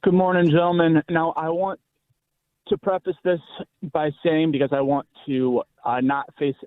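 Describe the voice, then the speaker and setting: Caller, 30s man, slightly high voice, muffled lo-fi phone line, exasperated. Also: flat delivery, moderate pace, no echo. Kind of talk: phoned-in radio call. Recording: dull, lo-fi call line.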